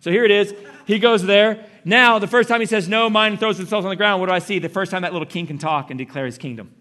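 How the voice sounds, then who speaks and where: Animated, bright-voiced male preacher. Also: high-pitched, quick pace. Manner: animated, jokey preaching with audience questions. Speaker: pastor. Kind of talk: sermon.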